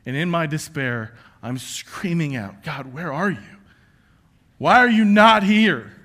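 A man preaching a sermon with a bright, forceful voice pitched a little high. He talks conversationally, then bursts into loud, impassioned cries and sinks to hushed whispers. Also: animated, unhurried. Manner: swings from shouting to hushed whispers; self-confessed yeller, passionate and conversational. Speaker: pastor.

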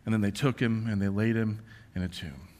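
A man preaching a sermon, passionate and conversational, who swings from yelling out prayers to hushed near-whispers. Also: fairly low pitch, fairly even intonation, brisk. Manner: self-confessed yeller, passionate and conversational. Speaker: pastor.

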